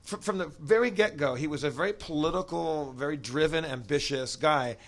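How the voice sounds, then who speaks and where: A man telling a long, animated anecdote on a podcast stage, acting out the voices in it. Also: on the high side, fairly quick. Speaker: podcast guest comedian telling a story. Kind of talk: casual storytelling.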